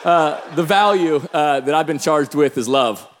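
A pastor from the Pacific Northwest preaching a sermon, telling stories with bursts of shouting. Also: male voice, on the high side, unhurried, slight background noise. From Pacific Northwest, Tacoma, Washington. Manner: energetic storytelling, bursts of shouting. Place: large church hall. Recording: long hall reverb.

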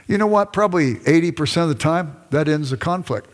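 A man's voice: on the high side, lively intonation, fairly quick, few pauses. An older man giving a conversational lecture to a class, acting out bits of dialogue with his wife as he goes. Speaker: lecturer, former pastor. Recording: long reverb from a hall.

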